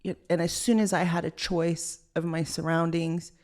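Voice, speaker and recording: On her loose, chatty solo podcast, a young woman from Los Angeles speaks at a moderate pace in a low, level, somewhat mellow voice. Her valley-girl delivery is packed with "like" fillers.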